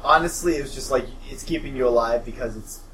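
A man hosting a podcast and game-mastering, recapping a session in a halting, rambling way with many restarts. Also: mid-range voice, a bit bright, slight background noise, poor audio. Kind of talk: casual podcast chat.

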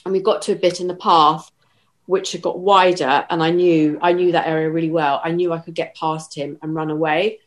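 Low-voiced woman recounting an ordeal. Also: steady tone. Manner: measured, halting retelling with restarts. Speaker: interviewee. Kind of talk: personal account in an interview.

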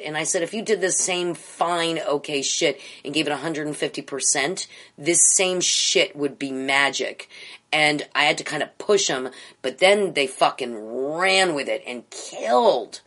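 A middle-aged woman, an improv teacher, talking bluntly and profanely in a candid interview. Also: low-pitched.

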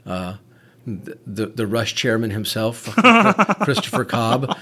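A man's voice: medium pitch, big pitch swings, slow pace, pushed and bright, breathy edge. A man, a medic and podcast host, telling a candid story in casual conversation with frequent swearing.

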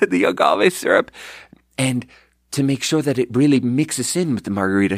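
A man's voice: medium pitch, no echo, clean studio sound. A man on a podcast telling a long workplace story in casual chat, rambling and swearing, with many restarts and acted-out quotes. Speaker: podcast host, restaurant manager.

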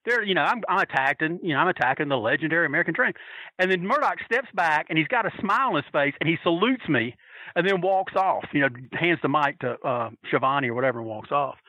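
Bright, animated man telling stories. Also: a little high, fast talker, no room sound, low-quality recording. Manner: animated, acts out quoted voices. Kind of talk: casual anecdote telling.

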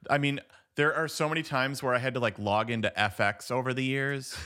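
Bright-voiced rambling male podcast co-host. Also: medium pitch, fairly even intonation, fairly quick. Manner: rambling, lots of "like" and restarts, laughs often. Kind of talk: casual chat about a film.

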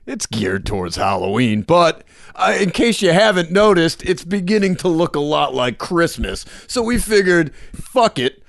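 A man hosting a loose, jokey podcast who laughs constantly. His voice sits a little high and swings up and down freely, recorded close and dry. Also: dry recording. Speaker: podcast host. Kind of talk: casual podcast banter.

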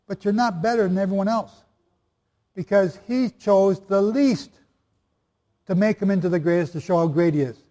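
A man's voice: high voice, normal speed, pauses often, mellow. A man preaching and teaching the Bible to a live audience, chatty and jokey, often quizzing the listeners. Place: hall before a live audience. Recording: long reverb of a large hall.

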